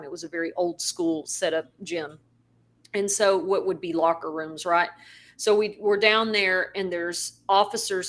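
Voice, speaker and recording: A woman co-hosting a podcast, telling a story in a lively way and acting out the people she quotes. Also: medium pitch. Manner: animated, acts out quoted voices. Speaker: podcast co-host. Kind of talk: casual storytelling.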